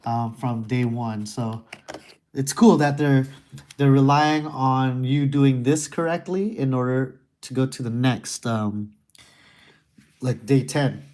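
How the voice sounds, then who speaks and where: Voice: mid-range voice, steady tone, slow pace, darkish tone, slight background noise. A streamer casually working through a puzzle game, reading the text aloud and rambling with goofy, crude wordplay jokes.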